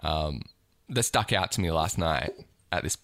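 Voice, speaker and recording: A man co-hosts a podcast in casual, playful chat. His voice is bright and swings widely in pitch as he tells stories. It is recorded dry on a close microphone. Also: a little slow, dry recording. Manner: playful, animated storytelling with laughter. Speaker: podcast co-host.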